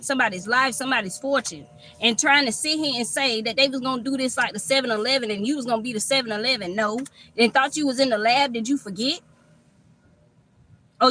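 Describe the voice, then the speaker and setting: A woman giving a live tarot reading from a park on her phone, blunt, profane and animated. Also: high voice. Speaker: tarot reader. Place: outdoors at a park.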